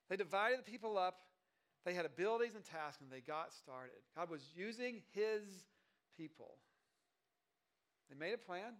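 A male pastor delivers a conversational sermon. His voice sits high for a man, and he talks loosely, restarting sentences and dropping in wry asides to the congregation. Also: a bit bright. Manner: conversational, joking asides, many fillers and restarts.

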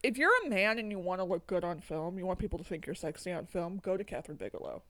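A woman co-hosting a podcast, talking in an animated, rambling way and swearing freely. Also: fairly low pitch, quick pace, no room sound. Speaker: podcast co-host. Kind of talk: casual chat.

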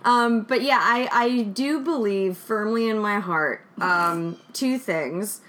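Female podcast co-host, mid-pitched, casual and playfully emphatic, prone to digressions. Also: slow, a bit bright. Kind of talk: casual chat.

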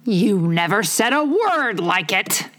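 A woman's voice: medium pitch, big pitch swings, a bit bright, voice pushed up. Humpty Dumpty, voiced by a woman reader. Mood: lofty. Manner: pompous, slow, drawn-out emphatic phrasing. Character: pompous touchy egg, male, perched on a wall.

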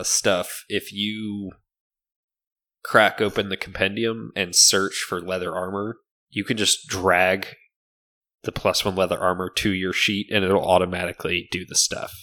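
Deep slow guy running a tabletop game, lots of uhs. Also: flat delivery, sharp tone. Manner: halting, many fillers. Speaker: game master.

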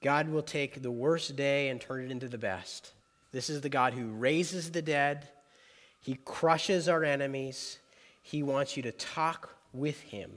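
A man preaching a sermon as pastor, animated and conversational, sinking to soft earnest tones toward prayer. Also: medium pitch, measured pace, long reverb tail.

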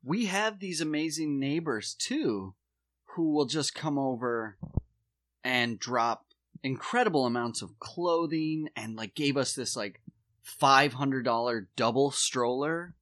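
A woman co-hosting a casual chat, reacting quickly and telling her own story about neighbors. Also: rumbling low, lively intonation. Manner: quick reactions, chatty back-channel.

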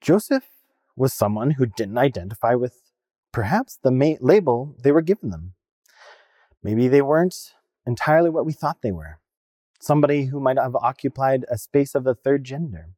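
A man's voice: mid-range voice, lively intonation, normal speed, warm tone, no room sound, studio quality. A non-binary minister with a male-sounding voice, preaching a personal sermon in an earnest, reflective storytelling way.

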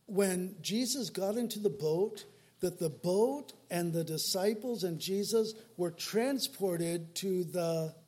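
A man's voice: high voice, darkish tone. A man in his sixties preaching a sermon in a church, speaking conversationally and putting rhetorical questions to the congregation. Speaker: pastor. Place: church sanctuary.

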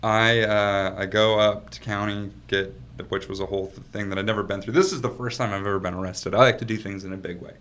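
A man being interviewed as a guest, telling a story in a casual, animated way, laughing often and swearing freely. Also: on the low side, quick pace, hardly any pauses. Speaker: guest, company founder.

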